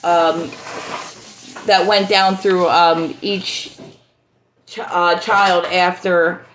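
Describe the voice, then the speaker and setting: A woman talking through a fan theory in a casual, halting way, full of restarts. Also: on the low side, steady tone, fairly bright tone, lo-fi sound, slight background noise. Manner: halting, many fillers and restarts.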